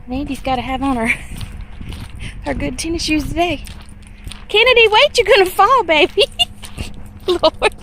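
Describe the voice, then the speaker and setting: Chatty woman, high and bouncy, laughing a lot as she films a windy garden walk on a camera mic. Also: measured pace, pauses often, fairly bright tone, rough recording. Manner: chatty, laughs often, coos sing-song at a toddler. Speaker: parent or caregiver filming a walk. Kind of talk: handheld vlog narration. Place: outdoor garden on a windy day. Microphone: handheld camera mic. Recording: wind noise on an outdoor camera mic.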